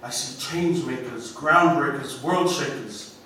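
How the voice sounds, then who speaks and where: A man with a New Zealand accent giving an inspirational graduation speech, slow and emphatic, heard from far off through a hall's speakers. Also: medium pitch, bright, forceful tone, a little hiss or hum. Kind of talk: ceremonial speech. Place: large school hall. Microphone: PA microphone, recorded from the audience. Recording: echoey hall from far off.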